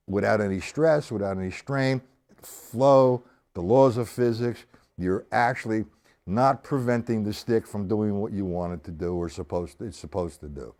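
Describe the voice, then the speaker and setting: With a low, darkish voice, a man leads a live-streamed drum lesson. He counts and calls out stickings as he explains each step, a drum kit playing in the background.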